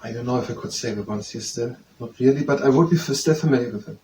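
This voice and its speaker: A man's voice: medium pitch, fast, dark tone. Man thinking aloud while memorizing, repeats himself, distant mic, faint hiss behind. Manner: repetitive self-quizzing, hesitant restarts.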